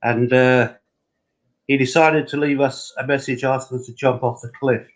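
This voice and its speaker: A man's voice: medium pitch, fairly even intonation, moderate pace. A man joining a casual group chat over a video call, laid-back and wry. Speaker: guest.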